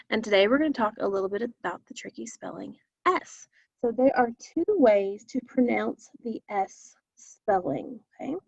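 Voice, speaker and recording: A woman teacher leading a phonics lesson for young children, modeling words slowly and deliberately. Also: mid-range voice, gravelly, no echo, highs cut off. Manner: slow, deliberate word-by-word modeling.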